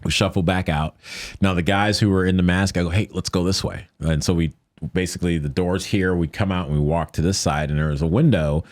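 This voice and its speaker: A man telling a story as a podcast guest in casual chat, lively and jokey, often acting out what people said. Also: a little fast, dry recording. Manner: animated, acts out quoted lines in a higher voice; jokey, conversational with many fillers.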